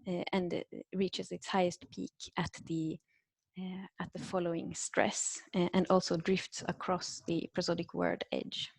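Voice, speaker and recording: A woman presents a research talk over a video call. She pauses on fillers and restarts her phrases, and a gravelly edge runs through her voice. The mic is close and dry. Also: on the low side, flat delivery, no room sound. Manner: hesitant, many fillers and restarts. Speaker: invited linguistics speaker. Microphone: computer microphone on a video call.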